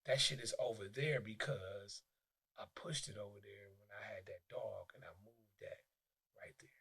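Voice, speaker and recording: A man with a Detroit accent, a podcast guest telling stories in casual, profane, animated talk with many restarts. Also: on the low side, measured pace, creaky, breathy edge. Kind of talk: casual interview chat.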